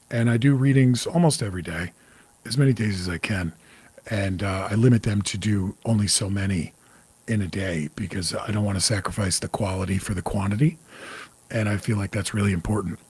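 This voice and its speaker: A man's voice: on the low side, darkish tone, breathy edge, no echo. A man in his forties hosting a casual livestream as a psychic medium, talking candidly, cursing freely and greeting viewers by name. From New York area. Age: 40s.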